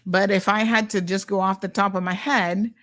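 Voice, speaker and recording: A woman's voice: medium pitch, fairly even intonation, moderate pace, a bit bright. A middle-aged woman hosting a talk show, blunt and sassy as she reacts to viewer comments.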